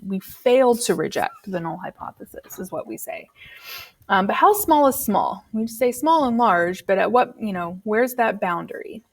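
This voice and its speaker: Patient woman teaching a statistics lesson. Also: mid-range voice. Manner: patient, explanatory, uses fillers like um. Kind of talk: recorded classroom lesson.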